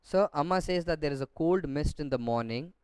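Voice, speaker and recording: A man's voice: fairly high pitch, fairly quick, a little mellow, clean tone, no room sound. Man explaining a class story. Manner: explains step by step, rereads lines after slips. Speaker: teacher. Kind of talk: reading and explaining a textbook story.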